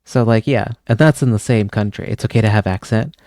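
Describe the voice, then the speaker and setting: A young Pennsylvania man hosts a livestream, chatting in an easy, rambling way and wandering off on tangents. He talks briskly in a low, darkish voice, recorded dry and close to the mic.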